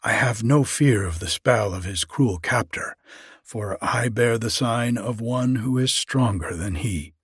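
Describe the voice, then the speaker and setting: A man's voice: medium pitch, measured pace, breathy edge, dry recording, studio quality. A man voicing a brave, eager nobleman, asking urgent questions in archaic storybook speech. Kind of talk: storybook reading.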